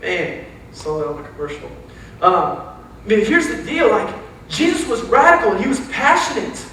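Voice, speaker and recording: High-voiced youth pastor in echoey hall. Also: male voice, slight background noise. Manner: animated, talks straight to the crowd with quick asides. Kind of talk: casual sermon. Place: church sanctuary. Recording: echoey church hall, mic from a distance.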